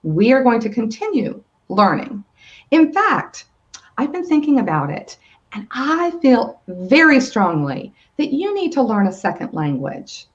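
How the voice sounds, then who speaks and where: A strict mother mouse who won't hear any arguments, put on by a woman storyteller. She speaks firmly, with her pitch swinging widely. The audio is dull and lo-fi. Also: very animated, unhurried. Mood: insistent. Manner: firm and emphatic.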